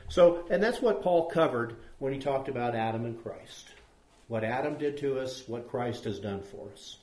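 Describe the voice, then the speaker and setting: A man's voice: medium pitch, lively intonation, moderate pace, darkish tone. A man leading a conversational Bible study, rambling a little and asking the group questions. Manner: rambling, asks the group questions, many fillers. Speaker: Bible teacher. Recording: echoey room.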